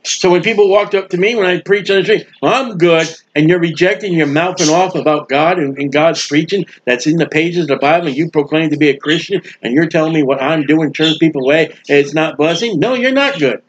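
A man preaching a sermon in a folksy, animated way, acting out the voices of people he quotes. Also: fairly high pitch, fairly quick, lo-fi sound, slight background noise. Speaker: street preacher.

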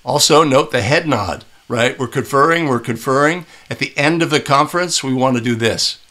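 Bright-voiced male officiating instructor. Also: medium pitch, moderate pace. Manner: conversational, asks "right?" often. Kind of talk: video breakdown commentary.

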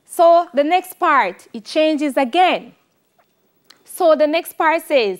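A woman's voice: high voice, animated, takes it slowly. A woman with a Jamaican accent teaching a televised music lesson, chanting syllables and counting out rhythms for students to clap along.

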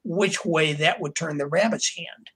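A somewhat high, husky-voiced older author, guest on a podcast, spins long behind-the-scenes anecdotes in a sharp tone. He rambles through fillers and restarts and slips into quick voices for the people he quotes. The recording is low quality.

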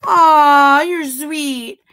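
Giggly, flirty woman streamer, bright voice. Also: sits high, drawn-out words, dry recording, studio quality. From half Italian heritage. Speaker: livestreamer reading chat. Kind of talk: casual livestream chat.

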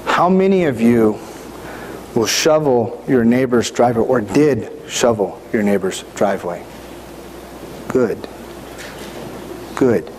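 A middle-aged man delivers a sermon in a church sanctuary, chatty and informal, tossing questions out to his congregation. His voice sits a touch high for a man. The sound carries a long hall reverb over a faint background hiss. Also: a little mellow. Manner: conversational, asks the congregation questions. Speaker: pastor.

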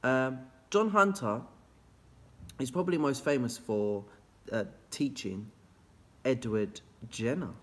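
Male teacher, animated and playful, pitch swings wide, chats straight at his students. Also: slow, long pauses. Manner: excitable and jokey, big swoops in pitch, talks straight to students. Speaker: history teacher. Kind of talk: energetic revision video lesson. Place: classroom, filmed after school. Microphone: camera facing out toward board.

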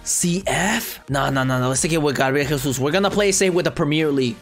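Young male gaming streamer, slightly high voice, hyped and foul-mouthed, repeats himself, faint music behind. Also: quick pace, gravelly. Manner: excitable, swears freely, repeats himself. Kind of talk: casual live gameplay commentary.

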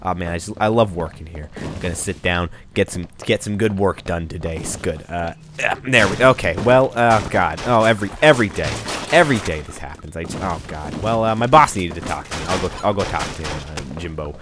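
A man's voice: low-pitched, lively intonation, fairly quick, noisy background. A man giving rambling, silly let's-play commentary, narrating his character in a joking third-person voice. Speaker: gaming YouTuber.

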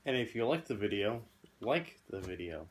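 A man's voice: on the low side, very animated, normal speed, background noise. A man co-hosting a casual product review, easygoing and agreeable, with hesitant fillers. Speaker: co-host of a fragrance review channel.

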